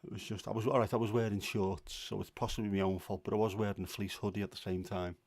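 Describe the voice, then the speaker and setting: A middle-aged man hosts a livestream from home, chatting casually in a grumbling, self-deprecating way. His voice is fairly low and darkish, delivered flat and quick with no echo.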